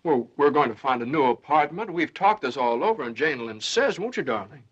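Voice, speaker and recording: An actor playing a flustered young newlywed son in a 1930s film, hesitant and stammering. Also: male voice, fairly high pitch, sing-song, fairly quick, husky. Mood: sheepish. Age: young adult. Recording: dull old film soundtrack.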